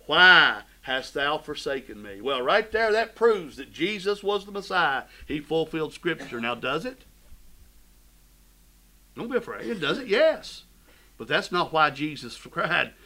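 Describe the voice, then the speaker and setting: Man, pastor, fervent sermon, slightly high pitch, bright forceful tone. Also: low-quality recording. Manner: fervent preaching with sudden swells and drops in volume.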